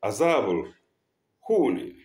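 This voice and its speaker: A male preacher with a low voice that swings up and down as he recites Quran verses and unpacks them in English. He keeps asking rhetorical questions to his listeners. The sound carries a roomy echo. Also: big pitch swings, slow pace, a little mellow. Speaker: Islamic preacher. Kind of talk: sermon teaching Quran verses.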